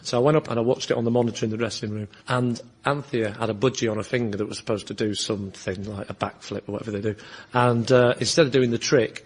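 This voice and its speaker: A man's voice: medium pitch, a little hiss or hum. A man telling a rambling, self-deprecating comic story as a guest on a studio panel show. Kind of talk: comic anecdote. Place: studio with live audience.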